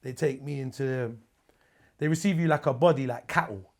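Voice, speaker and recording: Gravelly London man telling stories. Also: mid-range voice, moderate pace. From Hackney, London. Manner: animated, tells stories with dialogue, swears freely. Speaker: guest. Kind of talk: casual interview storytelling.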